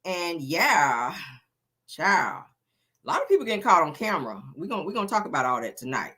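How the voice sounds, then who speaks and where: Chatty low-voiced woman gossip host. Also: very animated, moderate pace, pushed and bright. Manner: chatty, exasperated, slangy. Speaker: show host. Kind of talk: celebrity gossip commentary.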